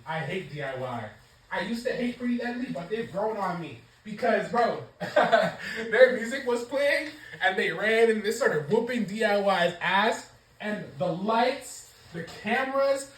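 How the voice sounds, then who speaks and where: A woman's voice: medium pitch, roomy sound, poor audio. A woman giving a casual wrestling show review, ranting with lots of swearing. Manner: profane, animated ranting.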